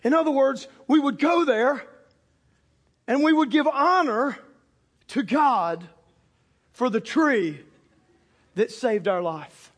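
A man with a strikingly high voice preaches to a congregation, telling a story from the pulpit. He talks animatedly and breaks into loud shouts for emphasis. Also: slow, pauses often. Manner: animated, bursts into shouts for punchlines. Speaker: pastor. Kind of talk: storytelling sermon. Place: church or auditorium with a live congregation.

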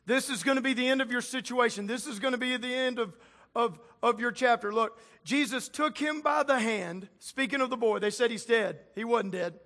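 Guy preaching, really high bright voice, super energetic and casual, slangy. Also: moderate pace. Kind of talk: sermon.

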